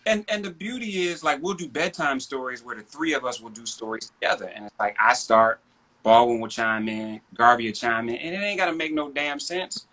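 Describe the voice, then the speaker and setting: A man in his thirties, speaking in a mid-range voice at a fairly quick pace, chats casually as a guest on a video call. He tells family stories with animation, acting out his children's voices.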